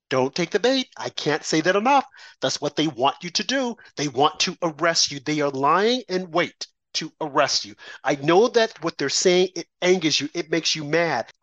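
A man's voice: a little high, fairly bright tone, no echo, highs cut off. Emphatic male political talk host. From United States. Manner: emphatic, repetitive, preachy. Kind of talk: political commentary monologue.

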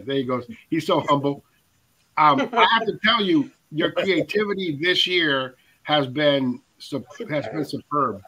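An enthusiastic man hosting a music countdown chat. His voice sits a little high and sounds bright and forceful, with plenty of fillers. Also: low-quality recording. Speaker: radio countdown host. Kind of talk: casual panel chat.

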